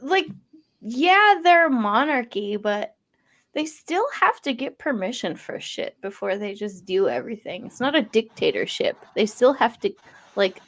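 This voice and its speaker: A woman's voice: fairly high pitch, big pitch swings, measured pace. A woman co-hosting a podcast, chatting casually with teasing asides and frequent giggles. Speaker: podcast co-host. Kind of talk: casual joking chat.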